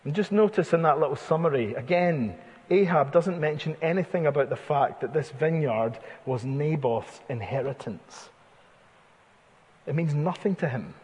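A man's voice: on the high side, moderate pace, a little mellow. A man in his thirties preaching an expository sermon, retelling the scripture in a vivid storyteller's way. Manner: vivid storytelling, dramatizing the text with asides. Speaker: pastor. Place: church hall. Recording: husky voice in a church hall with long reverb.

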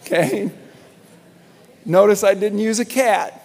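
Man, preacher, sermon, emphatic, repeats lines, fairly high voice, long hall reverb. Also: unhurried, a little mellow. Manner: emphatic, repeats key lines, addresses the congregation directly.

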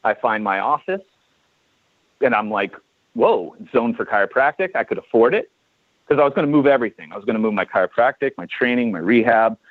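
A man's voice: medium pitch, expressive, a little fast, dry recording. A man in his forties from California, a chiropractor guest telling a story in a casual interview and acting out the dialogue. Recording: tinny phone-like dry line.

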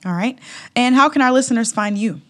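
A woman hosting a podcast, asking questions and signing off in a brisk, friendly way. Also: a little high. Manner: brisk, friendly, scripted wrap-up. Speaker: podcast host. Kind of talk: podcast interviewing and sign-off.

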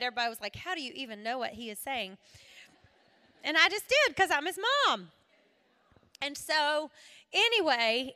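A middle-aged woman giving a devotional talk to women, telling a story dramatically with shouted peaks and laughter. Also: high-pitched. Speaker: women's ministry speaker. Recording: long hall reverb.

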